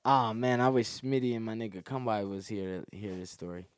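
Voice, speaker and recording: A man's voice: lowish voice, fairly even intonation, fairly quick, smooth, dry recording. A young man, a comedian telling crude, boastful stories full of slang and laughing at his own jokes. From Atlanta area, Georgia. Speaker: comedian guest. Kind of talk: crude storytelling.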